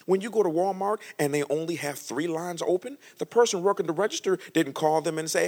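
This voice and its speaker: A man preaching a sermon as pastor, joking between slow, emphatic scripture readings. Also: fairly high pitch. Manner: lively, humorous preaching, reads scripture slowly and loudly.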